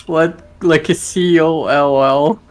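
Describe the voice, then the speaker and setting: A man reads signs aloud at a very slow pace, his voice pitched a little high. He stops and starts, puzzling over words as he works through them. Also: fairly even intonation. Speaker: co-player translating signs. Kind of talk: casual reading aloud.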